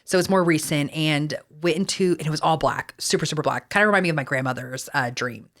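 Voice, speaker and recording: A woman's voice: low-pitched, quick pace, a bit bright. A woman from Texas with a Texan accent, telling personal stories as a podcast co-host. She talks in a chatty, rambling way and swears freely. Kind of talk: casual podcast storytelling.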